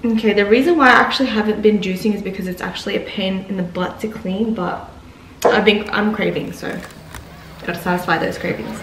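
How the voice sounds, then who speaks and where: A woman's voice: mid-range voice, steady tone, fairly quick. A young woman vlogging at home in her kitchen, talking candidly and giggling between thoughts. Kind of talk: casual vlog chat. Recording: echoey room.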